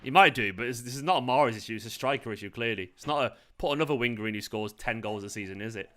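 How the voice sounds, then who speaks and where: A man's voice: medium pitch, rapid-fire, sharp tone, slight background noise. A man hosting a live football watchalong, tired and hungover, frustrated and swearing as he answers his chat. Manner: frustrated, swears often, talks back to chat. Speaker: fan channel host.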